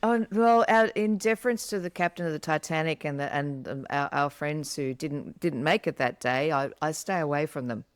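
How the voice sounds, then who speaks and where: Woman co-host, casual chat, smooth clear voice, lowish pitch, dry close mic. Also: normal speed, few pauses, no echo. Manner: animated, acts out yawns. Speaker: podcast co-host.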